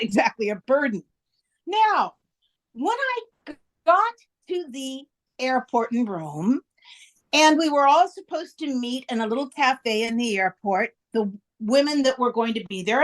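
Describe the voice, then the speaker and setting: A woman hosting her own podcast, chatty and laughing often as she tells a story, with frequent restarts. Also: high-pitched. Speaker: podcast host. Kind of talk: casual podcast introduction.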